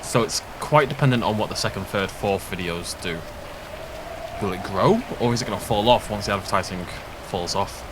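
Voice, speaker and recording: Rambling gaming YouTuber. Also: male voice, fairly low pitch, normal speed, background noise. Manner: rambling, self-deprecating. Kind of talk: casual let's play commentary.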